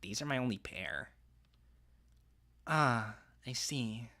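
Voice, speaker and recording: Sivri dilli, alaycı genç bir kız, bir erkek yayıncı tarafından okunuyor; parlak ve keskin bir tınıyla, inişli çıkışlı, oyunbaz ve hızlı cevaplar veriyor. Görsel roman sahnesi gibi. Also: male voice, mid-range voice, animated, takes it slowly, pushed and bright, exaggerated voice. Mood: teasing. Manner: snappy, playful teasing. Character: teasing teenage girl, sharp-tongued.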